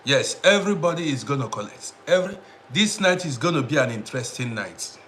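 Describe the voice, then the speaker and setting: A man's voice: fairly high pitch, animated, fairly quick, a bit bright, a little hiss or hum. A man hosting a casual live stream, greeting viewers by name and repeating himself as he talks to the audience. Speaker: livestream host.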